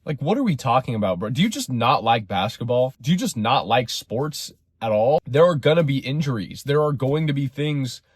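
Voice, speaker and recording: A man's voice: medium pitch, expressive, normal speed, hardly any pauses, husky, no room sound. A young man delivering a sarcastic, rambling sports rant in a casual monologue. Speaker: sports commentary creator.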